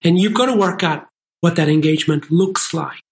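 An interview host asking measured, thoughtful questions and encouraging the guest. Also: medium pitch, vocal fry.

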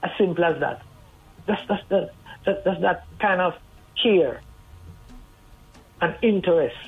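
Radio phone-in guest, husky mid-pitched voice, earnest and advising. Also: a little slow. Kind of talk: radio call-in talk. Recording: tinny phone line over faint music.

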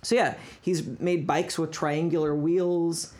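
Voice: mid-range voice, little pitch movement, slow pace, darkish tone. A podcast host telling a story in casual chat, rambling with lots of restarts. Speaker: podcast host presenting a segment.

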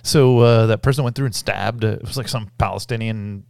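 A man's voice: lowish voice, steady tone, fairly quick, gravelly, a little mellow, clean tone, no room sound, clean studio sound. Profane, joking male podcast co-host. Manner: loose, profane banter, breaks into goofy impressions. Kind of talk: casual chat.

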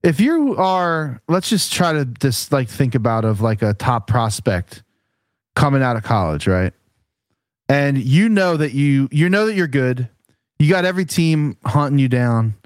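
A man's voice: medium pitch, very animated, a little slow, dry recording, clean studio sound. A man co-hosting a casual sports podcast, rambling and restarting his sentences as he asks questions. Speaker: podcast co-host. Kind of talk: profane casual sports chat.

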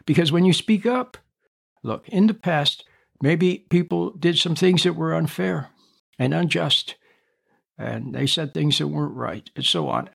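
A man hosting a reflective radio talk, speaking in a calm, repetitive, teaching way. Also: on the high side, unhurried, creaky, slightly rough.

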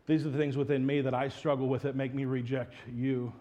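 A man's voice: medium pitch, level tone, a little fast, mellow, highs cut off. A man preaches a sermon in a mid-range voice. He tells funny family stories and then turns earnest and direct with his listeners. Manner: humorous storytelling, then earnest teaching. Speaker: pastor.

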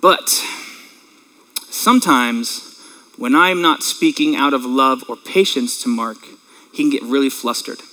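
Tearful, earnest man preaching, bright voice. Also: mid-range voice, a little slow, long pauses, rough recording. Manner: earnest, emotional, conversational preaching. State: tearful, clearing throat. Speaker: pastor. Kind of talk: sermon.

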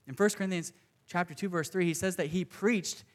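Young male pastor, slightly high voice, earnest and chatty from the pulpit. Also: steady tone, brisk. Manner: earnest, conversational preaching with asides. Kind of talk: sermon.

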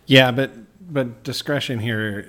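A man's voice: mid-range voice, fairly even intonation, measured pace, a bit bright. A man co-hosting a podcast, chatting casually and giving direct practical travel tips. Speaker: podcast co-host.

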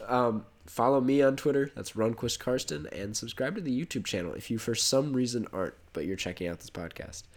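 A man's voice: medium pitch, fairly quick, few pauses. A young man with a cold hosting a casual podcast, rambling and correcting himself, laughing easily. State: has a cold. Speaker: podcast host.

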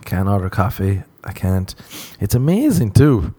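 A man's voice: low voice, big pitch swings, measured pace, dark tone, slightly rough, dry recording. A young Irish man telling crude, self-mocking comic stories and laughing at his own jokes. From Ireland. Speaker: comedian. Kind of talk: comedic monologue.

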